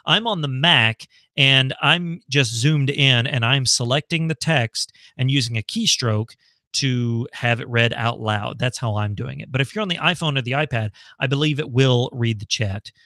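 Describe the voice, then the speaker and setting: Bright, chatty American man live-streaming. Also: mid-range voice, moderate pace, no room sound, clean studio sound. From United States. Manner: chatty, thinks aloud, frequent ums and laughs. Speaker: livestream host. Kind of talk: casual live Q&A. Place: home.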